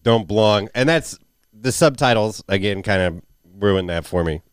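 A man's voice: lowish voice, expressive, normal speed, no room sound, studio quality. A young man with a Midwestern American accent co-hosting a podcast, laid-back and swearing as he tells stories. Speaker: podcast co-host. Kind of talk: casual chat.

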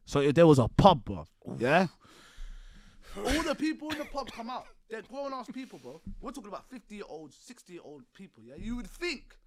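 A podcast guest in his twenties tells a story in slangy, animated talk, laughing often as he goes. His high voice swings hugely in pitch at normal speed.

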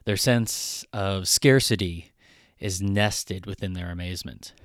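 A man's voice: deep voice, unhurried, no echo, studio quality. A man preaching a conversational sermon in a casual, irreverent way. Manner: casual, irreverent, with frequent fillers and restarts. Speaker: pastor.

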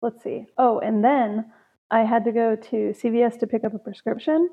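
Young woman rambling on her podcast, bit of vocal fry, sounds like it's over a phone. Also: fairly high pitch, fairly even intonation, moderate pace. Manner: chatty storytelling, sighs and laughs. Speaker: podcast host. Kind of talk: casual solo podcast chat. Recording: tinny phone-like audio.

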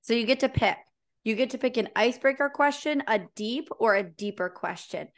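A woman's voice: fairly high pitch, a little fast. A woman hosting a podcast, chatting casually and telling personal stories with plenty of fillers. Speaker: podcast host. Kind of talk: casual conversational interview.

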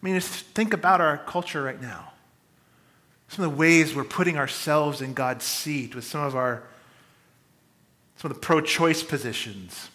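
A man delivers a sermon with dynamic, swinging emphasis, rising loud and dropping to quiet asides. His voice is bright and forward, sitting a little high for a man. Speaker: pastor.

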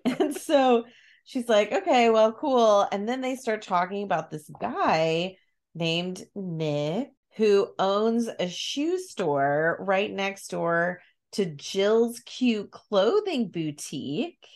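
A woman telling a story in a relaxed, unhurried way on a casual podcast. She slips into the characters' lines as she recaps the plot, animated and quick to laugh. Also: mid-range voice. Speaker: podcast co-host recapping a book. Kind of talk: casual chat.

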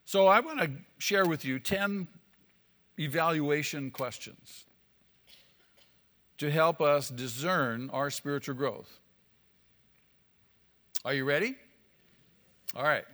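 A man's voice: on the high side, slow, long pauses, a bit bright. A male pastor preaching an emphatic sermon, repeating key phrases for weight. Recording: long hall reverb.

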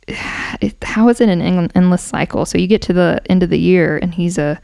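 A woman casually explaining folklore in a chatty monologue, hoarse and a little out of breath, correcting herself as she goes. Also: on the low side, a little fast, warm tone, no room sound. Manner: chatty, self-correcting, with asides and laughs. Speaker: podcast host explaining folklore.

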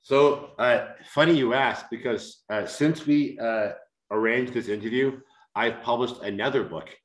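A man from the United States, an author being interviewed, who speaks slowly and carefully enunciates so he is easily understood, and reads aloud from his book. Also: mid-range voice, roomy sound, low-quality recording. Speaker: author and guest.

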